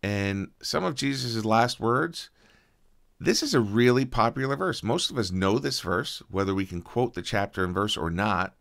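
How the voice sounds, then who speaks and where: Gravelly low-voiced male pastor preaching. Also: lively intonation, moderate pace. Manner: earnest preaching, soft-spoken prayer with fillers. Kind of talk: sermon.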